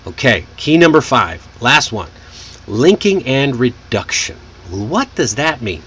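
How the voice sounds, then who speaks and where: American male accent coach, unhurried and lively in pitch, slightly husky, demonstrates words over and over. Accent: General American. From United States. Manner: slow, demonstrative, repeats words for practice. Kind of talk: pronunciation lesson.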